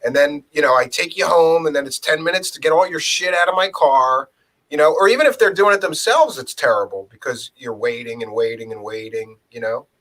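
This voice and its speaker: Bright-voiced man telling stories casually. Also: fairly high pitch, fairly quick, poor audio. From Philadelphia area. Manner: storytelling, animated, acts out quoted lines. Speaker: co-host. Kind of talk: casual podcast chat.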